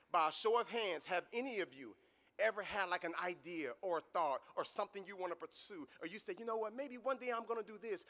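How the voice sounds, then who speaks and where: A man's voice: high voice, a bit bright. A man giving a motivational speech as guest speaker at a graduation ceremony, telling stories and building to a preaching cadence.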